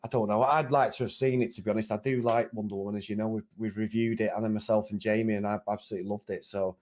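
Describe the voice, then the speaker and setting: A man's voice: lowish voice, steady tone, fast talker, a little mellow. A man co-hosting a podcast, talking in a chatty, rambling, self-deprecating way. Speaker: podcast co-host. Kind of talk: casual podcast chat.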